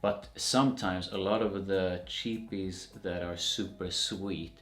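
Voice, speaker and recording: Low-voiced man in an echoey room. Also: takes it slowly. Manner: relaxed, opinionated, hedging with fillers. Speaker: co-host rating fragrances. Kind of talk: casual chat.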